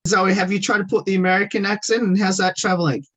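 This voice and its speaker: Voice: mid-range voice, fairly even intonation, fast, fairly bright tone. A radio interviewer, putting upbeat questions to guests over a video call.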